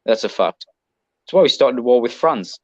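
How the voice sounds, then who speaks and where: A man's voice: mid-range voice, lively intonation, moderate pace, a little mellow, no room sound. English man, podcast guest, rambling chatty talk, dry dull lo-fi sound. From Britain. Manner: rambling, chatty, lots of ums and restarts. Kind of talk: casual chat.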